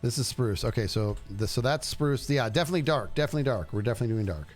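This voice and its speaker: A man streaming a game and chatting casually, animated and jokey, talking to himself as he plays. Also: mid-range voice, racing, soft background music. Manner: animated, jokey, talks to himself while playing. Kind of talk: casual gameplay commentary.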